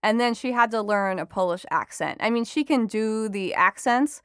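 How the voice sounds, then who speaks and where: This entertainment reporter and author is an interview guest, telling animated stories with frequent laughter in conversational talk. Her voice sits a little high, moves at normal speed, and sounds fairly bright and smooth. The recording is dry and studio quality.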